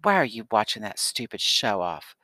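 A man's voice: lowish voice, sing-song, normal speed, bright, forceful tone, dry recording. A man voicing a clingy, jealous schoolgirl in an audiobook, whiny and possessive. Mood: sulky. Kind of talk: audiobook character reading.

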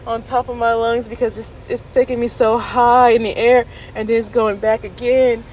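A woman vlogger casually recounting a story to her viewers, candid and laughing, jumping into high squeals when she quotes herself. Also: moderate pace, slight background noise, rough recording. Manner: animated retelling, jumps to high squeals when quoting herself.

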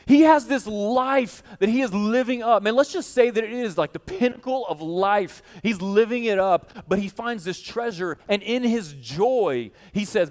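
A man preaching a sermon to a congregation, telling a story with lively energy and addressing his listeners directly. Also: sits high, moderate pace, hardly any pauses, big-room sound. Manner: animated storytelling, speaking straight to the congregation. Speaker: pastor. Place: church hall.

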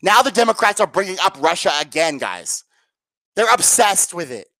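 A woman's voice: lowish voice, very animated, normal speed, pushed and bright, no echo. A woman rants to her viewers, sarcastic and profane, her voice swinging up and down with exasperation. The sound is dry and close, with no room around it. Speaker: political commentator. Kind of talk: angry political rant to viewers.

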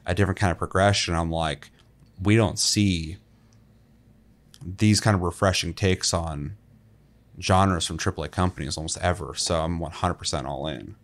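A man's voice: low-pitched, steady tone, normal speed. A man co-hosting a casual gaming podcast, talking loosely with fillers and the odd swear. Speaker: podcast co-host. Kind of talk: casual chat.

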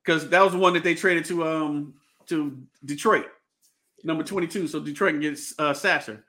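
A man's voice: fairly high pitch, fairly even intonation, moderate pace, pushed and bright. A man hosting a casual sports podcast, talking with many fillers and restarts and laughing often. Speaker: podcast host.

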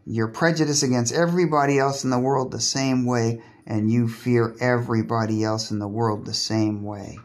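A man delivering a profane, sarcastic solo podcast monologue while lying in a bathtub. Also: medium pitch. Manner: profane, sarcastic, provocative, breaks off and restarts words.

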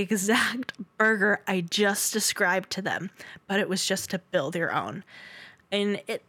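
A young woman hosting her podcast, telling work stories in a lively, chatty way. She laughs a lot as she talks and slips into quick voices for her customers. The sound is close and dry, with no room around it. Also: medium pitch, dry recording. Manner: animated, laughs often, acts out customer voices. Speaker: podcast host. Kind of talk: casual storytelling monologue.

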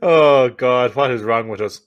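A man's voice: mid-range voice, measured pace, muffled recording. A young Irish man chatting casually as a podcast co-host, rambling, laughing often, swearing and making silly vocal noises. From Ireland. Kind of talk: casual banter.

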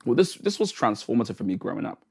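Animated preacher man, lively pitch. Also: fast, creaky, husky. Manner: animated storytelling, acts out voices, frequent restarts. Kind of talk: sermon.

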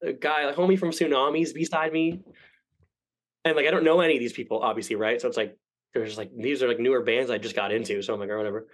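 A young man tells a rambling story at a rapid clip, peppered with profanity. He jumps between his own lines and other people's, acting out each quote as he goes. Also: medium pitch, rough recording. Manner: rambling, profane, animated quoting. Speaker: podcast guest. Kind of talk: casual storytelling.

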